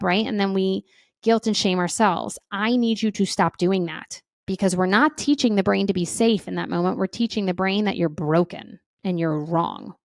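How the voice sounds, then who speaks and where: Gravelly-voiced woman giving parenting advice. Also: medium pitch, dry recording, studio quality. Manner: conversational, often checks in with "right?"; acts out feelings and inner voices. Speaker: parenting educator. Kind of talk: casual advice talk.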